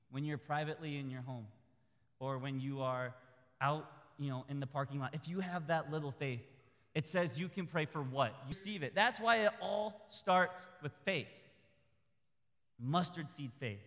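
A man preaching a sermon in a conversational, humorous way that builds to loud, high peaks. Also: normal speed, big-room sound.

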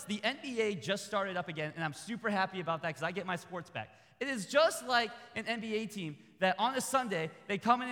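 High, bright-voiced preacher man in a hall. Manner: conversational, humorous, builds to shouting peaks. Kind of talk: sermon.

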